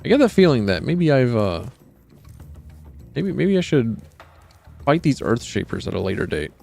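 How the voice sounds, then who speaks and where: A man's voice: mid-range voice, big pitch swings, normal speed, vocal fry, darkish tone, faint music behind. A man streaming a video game, giving rambling, sarcastic commentary with frequent restarts. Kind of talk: casual gameplay commentary.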